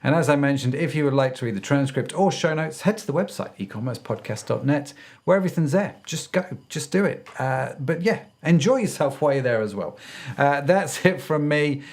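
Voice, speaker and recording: A man's voice: on the high side, lively intonation, a little fast, darkish tone. A man hosting an interview podcast, upbeat and jokey with effusive praise for his guest and listeners. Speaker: podcast host. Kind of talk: casual interview and show outro.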